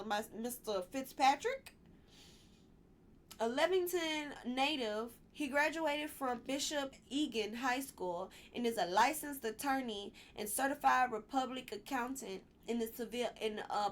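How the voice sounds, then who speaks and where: Woman, vlogger, casual ranting commentary, candid, heated, swears, rambling asides, a little high-pitched. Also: fairly bright tone, slight background noise.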